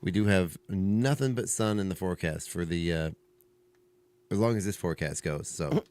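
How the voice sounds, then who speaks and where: Deep-voiced stuffy man rambling on radio. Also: moderate pace, darkish tone. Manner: rambling, stumbling restarts. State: stuffy from allergies. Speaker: radio morning show host. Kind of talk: casual radio chat.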